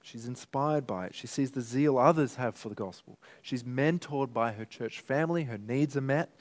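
A man's voice: medium pitch, moderate pace. A man preaching a sermon as pastor, earnest and emotional, rising to emphatic peaks. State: tearful at times.

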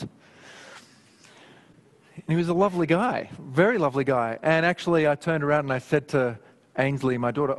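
A man preaching a sermon in a conversational, animated way, with personal stories. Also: a little high, moderate pace, pauses often. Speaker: pastor. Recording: long hall reverb.

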